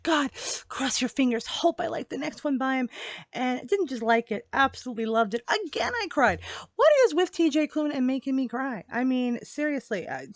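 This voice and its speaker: A woman's voice: a little high, no echo. Gushing woman reviewing books, dry close mic. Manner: gushing, animated, swears casually, laughs often. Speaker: book reviewer. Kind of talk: casual book review vlog.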